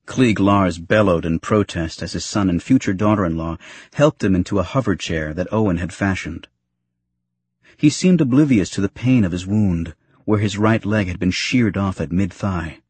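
A man narrates a novel in a measured, steady storytelling manner. His voice sits low with a husky texture. The recording is dry and close. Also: no echo. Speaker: audiobook narrator. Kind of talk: scripted narration.

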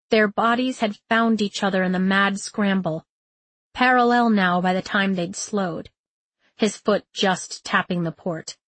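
A woman reading a novel aloud in a measured, expressive storytelling manner. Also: mid-range voice, no room sound. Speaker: audiobook narrator. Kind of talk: scripted narration.

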